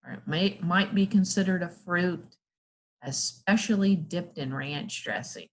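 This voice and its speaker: A patient woman teaching phonics to young children. She sounds out letters and syllables very slowly and clearly, with a slightly low voice. She praises the listener often and gives steady encouragement.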